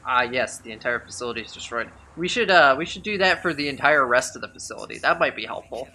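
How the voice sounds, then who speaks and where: A man's voice: mid-range voice, expressive, quick pace, pushed and bright, slight background noise. A man giving casual gameplay commentary during a speedrun, chatty, sarcastic and rambling.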